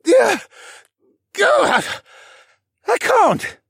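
A man voicing an excitable, cheeky teenage boy in an audiobook. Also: very high voice, normal speed, no room sound, clean studio sound, voice pushed up, full character voice. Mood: eager. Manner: excitable, whiny when pinned.

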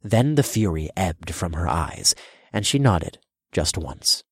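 A man reading a first-person fantasy story with a very deep voice. His tone is husky and measured, and grows commanding when his character speaks. The recording is close and completely dry. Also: lively intonation, dry recording. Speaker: audiobook narrator. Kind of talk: scripted first-person narration.

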